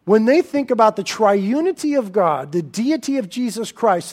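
A male pastor preaching a sermon in an animated, emphatic way, swinging between loud and soft. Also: high-pitched, moderate pace, hardly any pauses.

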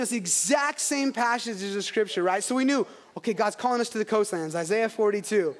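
High-voiced man preaching with energy. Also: brisk, few pauses. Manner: animated storytelling, acts out quoted voices. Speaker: pastor. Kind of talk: sermon.

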